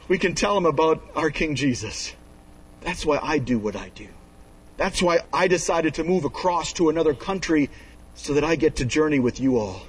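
A man preaching a sermon as a pastor, emphatic, swinging from loud high pleas to low hushed asides. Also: slightly rough, recorded from a distance, poor audio. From Canada.

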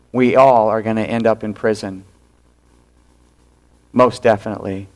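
Male pastor, unhurried sermon delivery, acts out the characters' lines, sudden hushed asides. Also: fairly low pitch. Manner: animated storytelling, acting out quoted lines.

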